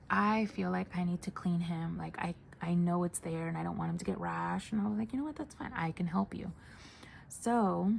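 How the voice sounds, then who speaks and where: Casual storyteller: a nurse speaking softly with a low, fry-edged voice, chatty with lots of fillers, over a light hiss. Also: female voice. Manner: soft, hushed delivery with many fillers. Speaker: hospice nurse telling a story.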